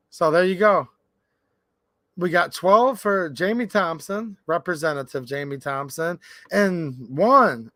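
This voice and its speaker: A man hosting a casual live stream, chatting and reading viewer comments aloud in an animated way. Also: fairly high pitch, no room sound. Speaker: livestream host. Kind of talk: casual livestream chat.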